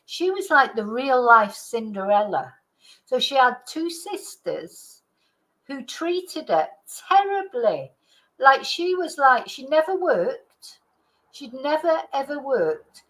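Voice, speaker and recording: A woman's voice: sits high, big pitch swings, takes it slowly, a bit bright, rough recording. Older woman telling a rambling story. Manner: rambling, chatty, many fillers and restarts. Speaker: channel host. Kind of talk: casual storytelling monologue.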